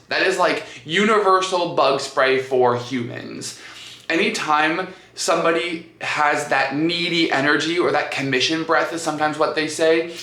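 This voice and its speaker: A man hosting a coaching podcast, talking in an energetic, conversational way. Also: a little high. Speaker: business coach and podcast host. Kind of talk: podcast monologue. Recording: echoey room.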